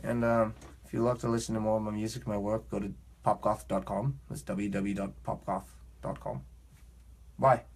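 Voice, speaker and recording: A man's voice: on the low side, flat delivery, moderate pace, gravelly, darkish tone, slightly rough. A man with a put-on British accent, a musician talking in a rambling, earnest and preachy vlog monologue.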